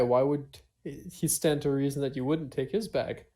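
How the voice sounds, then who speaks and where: A man's voice: medium pitch, fairly even intonation, normal speed, warm tone. Brief: male player at a tabletop game, casual and blunt, mid-range voice.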